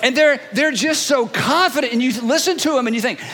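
A male pastor giving an animated, conversational sermon that swings between loud bursts and hushed asides. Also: very high voice, a little fast, in a large hall, a crowd in the background, noisy background.

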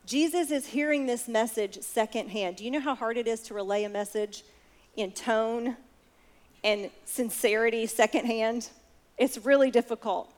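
Woman, preacher, sermon, higher-pitched, narrating a story, questions to listeners.

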